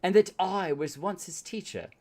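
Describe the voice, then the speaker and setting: A man's voice: sits high, normal speed, pitched above the performer's own voice. A man voicing a grave older knight who once was a dragon-riding warrior, reading game dialogue aloud with a put-on English accent in a solemn, formal way.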